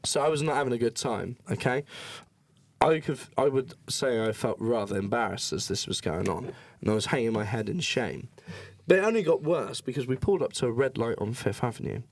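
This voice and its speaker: A man's voice: mid-range voice, fairly quick. A young man telling a story in casual, sweary podcast chat and acting out other people's voices. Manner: animated, swearing, acts out voices. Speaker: podcast co-host.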